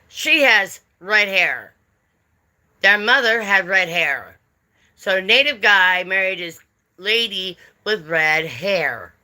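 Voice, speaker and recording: A woman's voice: medium pitch, pushed and bright. A middle-aged woman, chatting casually on a livestream and greeting viewers by name. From United States. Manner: chatty, drawling, talks to chat readers by name. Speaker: livestream host.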